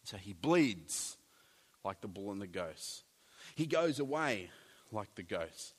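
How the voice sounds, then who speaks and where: A man preaching a sermon, animated, with jokey asides and big swings between loud and soft. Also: on the low side, slow, slightly rough. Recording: long hall reverb.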